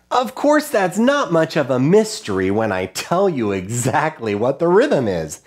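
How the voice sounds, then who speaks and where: A man's voice: mid-range voice, wildly swooping pitch, slow, hardly any pauses. A man teaching a children's music lesson, patiently chanting rhythm syllables and talking them through drawing rhythms.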